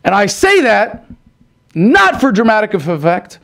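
A man delivering an angry, profane political rant, shouting and swearing with heavy emphasis. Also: high-pitched, sing-song, measured pace, vocal fry. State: pissed off. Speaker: political commentator.

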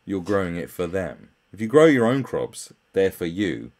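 A British man with a low voice talks through memes in a sarcastic, mocking way. His pitch swings widely as he scoffs and swears. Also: big pitch swings, normal speed, darkish tone. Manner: mocking, swears, jumps into high mock voices. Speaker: commentary host. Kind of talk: sarcastic meme commentary.

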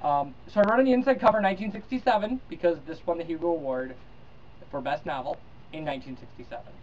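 A man's voice: a little high, quick pace, recorded from a distance, slight background noise. A man talking casually about a science fiction novel, rambling with fillers and restarts. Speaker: book reviewer. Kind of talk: casual book review with read-aloud. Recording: dull lo-fi sound, slightly off-mic.

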